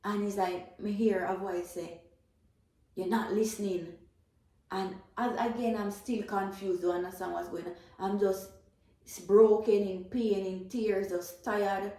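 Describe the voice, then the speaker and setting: A woman's voice: mid-range voice, steady tone, measured pace, dark tone. A woman with a Jamaican accent giving an earnest, emotional faith testimony, repeating herself as she tells it. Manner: earnest, emotional storytelling with repetitions. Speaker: testifying believer. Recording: very echoey room.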